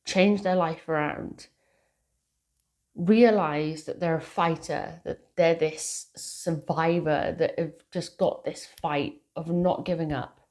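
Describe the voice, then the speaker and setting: Slow, earnest British woman. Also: low voice, fairly even intonation, a little mellow. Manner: earnest and heartfelt, slow with many fillers. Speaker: tarot reader. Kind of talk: casual spiritual message to viewers.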